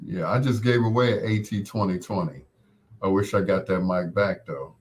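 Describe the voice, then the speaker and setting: A man hosting a casual chat, animated and laughing often, calling people affectionate pet names. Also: low-pitched, moderate pace. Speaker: host.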